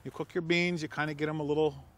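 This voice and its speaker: Unhurried man explaining a recipe. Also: fairly high pitch, little pitch movement, fairly bright tone. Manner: unhurried, with many ums and pauses. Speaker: guest cook.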